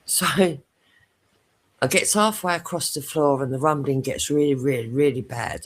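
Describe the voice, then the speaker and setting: A woman's voice: very deep voice, a little slow. A British woman hosting a casual podcast chat, telling a crude story with lots of swearing and laughter.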